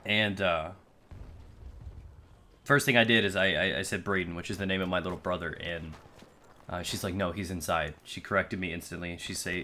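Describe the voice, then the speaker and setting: A man's voice: sits low, steady tone, moderate pace, pauses often, pushed and bright, a little hiss or hum. A young American man telling a personal story to his channel viewers in an earnest, conversational way, with frequent fillers and restarts. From United States. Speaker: YouTube creator.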